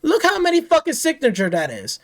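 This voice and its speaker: A woman's voice: high-pitched, wildly swooping pitch, a little fast. A woman hosting a gaming channel, ranting off the cuff in a heated, profane way, repeating herself and firing rhetorical questions. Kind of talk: angry off-the-cuff rant.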